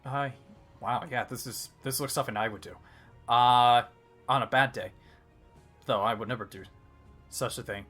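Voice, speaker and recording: A man voicing a vain, self-assured human in gold armor who has traveled through time, in a slightly lower, quieter voice. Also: fairly even intonation, normal speed, long pauses, soft background music, natural voice. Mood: amused.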